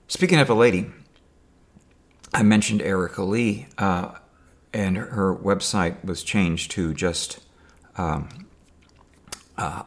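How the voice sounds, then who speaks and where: Low gravelly man rambling sarcastically. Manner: dry sarcastic humor, halting with many fillers and restarts. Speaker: video diarist. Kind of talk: rambling personal monologue.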